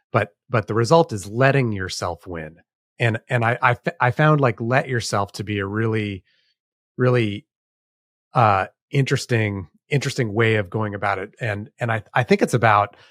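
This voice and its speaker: Podcast host, man, low voice, halting and repetitive questioning, dry close sound. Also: a bit bright, no echo. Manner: halting, repeats words while forming questions. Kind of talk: podcast interview.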